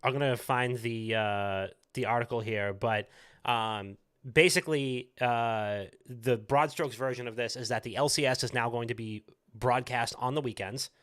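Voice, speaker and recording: A man's voice: mid-range voice, steady tone, normal speed, a bit bright, clear, resonant tone. A man hosting a gaming podcast, talking casually about esports with lots of filler words and the odd swear. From United States. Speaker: podcast host. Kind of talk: casual chat.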